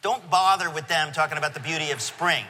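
A middle-aged man preaching a sermon to a congregation, telling a story with animated emotion. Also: on the high side, brisk, a little hiss or hum. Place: church venue. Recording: long hall reverb.

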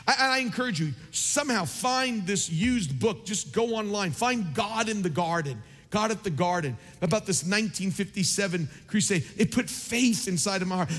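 A man's voice: sits high, fairly bright tone. A man preaching a sermon as pastor, building fervor with rhetorical questions, in a large church sanctuary. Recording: long reverb of a large hall.

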